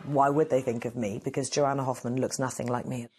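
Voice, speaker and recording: A woman's voice: extremely low pitch, steady tone, brisk, very noisy. A woman, answering interview questions candidly and laughing easily. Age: 40s. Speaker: actress interview guest. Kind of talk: casual interview.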